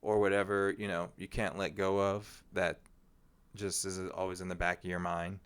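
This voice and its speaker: Guy rambling on his own podcast, real low smooth voice. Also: fairly even intonation, normal speed. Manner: rambling and reflective, with frequent fillers. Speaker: podcast host. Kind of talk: casual solo podcast monologue.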